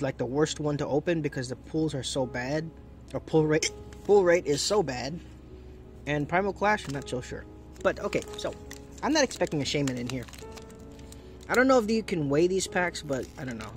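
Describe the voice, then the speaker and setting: A man with the hiccups doing chatty, easily delighted commentary while opening trading card packs and thinking aloud. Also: on the high side. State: has the hiccups. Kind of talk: casual unboxing commentary.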